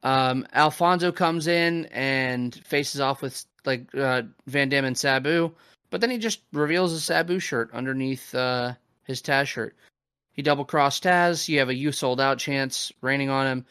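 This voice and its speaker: A man's voice: mid-range voice, a little slow, a bit bright, clean tone, no echo, studio quality. A man hosting a podcast, recapping a wrestling show in loose, profane casual chat full of fillers. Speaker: podcast host.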